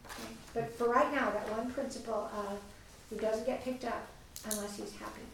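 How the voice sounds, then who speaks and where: A woman's voice: fairly high pitch, fairly even intonation, moderate pace, a little hiss or hum. Give me a chatty woman teaching a parenting class in an echoey room. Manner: chatty, acts out quoted voices. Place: meeting room with a small group. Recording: echoey room, mic far off.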